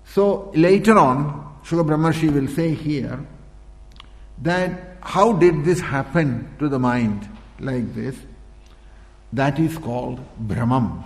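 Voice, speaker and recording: A man giving a spiritual discourse, repeating points, posing rhetorical questions and often clearing his throat. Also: on the high side, takes it slowly. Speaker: spiritual teacher. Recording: echoey hall with long reverb.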